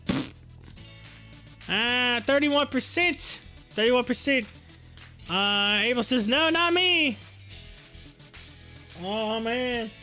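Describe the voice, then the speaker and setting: A man hosting a casual stock market livestream, chatty and excitable, laughing often as he talks. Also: very high voice. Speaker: stock market livestream host and youth football coach.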